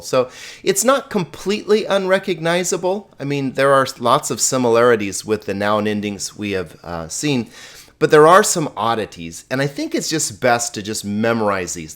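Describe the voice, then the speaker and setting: A man teaches a recorded lesson in a voice of middle pitch. He explains patiently and slowly, stopping to put questions to his students. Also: a bit bright. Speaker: Greek teacher.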